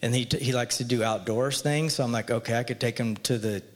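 A man's voice: medium pitch, fairly even intonation, a little fast. Earnest man telling a story in a reverberant hall. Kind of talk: personal story in a faith talk. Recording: long reverb from a large hall.

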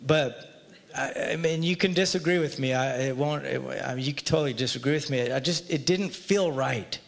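An earnest man tells a personal faith story in a relaxed, conversational way. His voice sits at an ordinary middle pitch. The sound carries a long reverb, as if recorded in a large hall. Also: moderate pace, creaky.

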